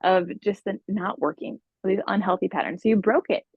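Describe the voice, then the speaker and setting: Woman coach chatting on a podcast, expressive storyteller, dry muffled sound. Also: mid-range voice, fairly quick, gravelly, breathy edge, no room sound. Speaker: relationship coach. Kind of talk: podcast guest interview.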